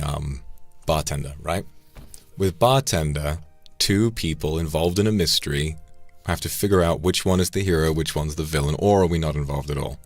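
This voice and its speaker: A man's voice: low-pitched, no echo. A man casually chatting on a livestream, swearing now and then and tripping over repeated words. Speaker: streamer.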